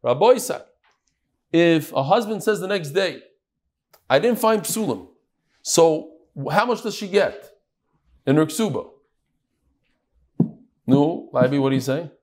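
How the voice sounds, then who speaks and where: Pitched on the high side, he speaks a little slowly and pauses often. He's running a daily Talmud class with real animation, testing his students while mixing Hebrew and Aramaic into his English.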